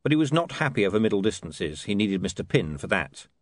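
Man narrating an audiobook with a lively voice. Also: fairly low pitch, quick pace, no echo, clean studio sound.

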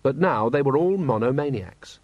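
A man reading a story aloud in a wry, steady narrating voice, acting out the characters. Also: medium pitch, moderate pace, dry recording, muffled recording. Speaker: audiobook narrator. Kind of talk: scripted narration.

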